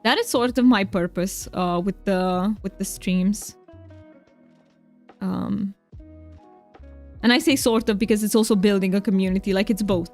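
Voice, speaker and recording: A Romanian woman streams a game and chats with viewers in a medium-pitched, darkish voice at a measured pace with long pauses, over soft background music. She exaggerates her Romanian accent for fun, speaks kindly to chat, and laughs easily.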